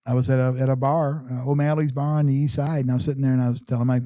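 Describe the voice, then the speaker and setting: Middle-aged man telling his story haltingly. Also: mid-range voice, flat delivery, dark tone, dry recording, clean studio sound. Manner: halting, many restarts and fillers. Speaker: interview guest. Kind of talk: casual personal storytelling.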